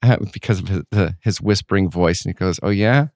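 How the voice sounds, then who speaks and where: A man co-hosting a casual podcast chat, playful and animated, who throws in sound effects. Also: low-pitched, fairly quick, gravelly, dry recording, studio quality. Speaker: podcast co-host.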